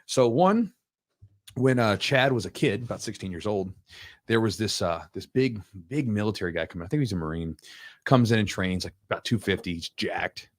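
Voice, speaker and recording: Lively storytelling man on a podcast. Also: on the low side, dry recording, studio quality. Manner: animated storyteller, quick, acts out quotes. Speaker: podcast host, jiu-jitsu coach. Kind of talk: casual storytelling chat.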